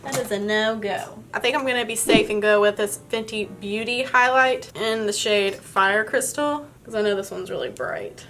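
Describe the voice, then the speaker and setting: A woman's voice: medium pitch, moderate pace, hardly any pauses, fairly bright tone. A young woman telling a story in a casual vlog while doing her makeup, chatty and full of fillers. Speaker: beauty vlogger.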